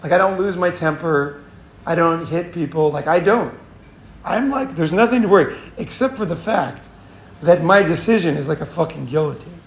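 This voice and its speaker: Gravelly man in an echoey room. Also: a little high, moderate pace. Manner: blunt, profane, repeats himself. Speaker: host. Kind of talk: casual advice monologue.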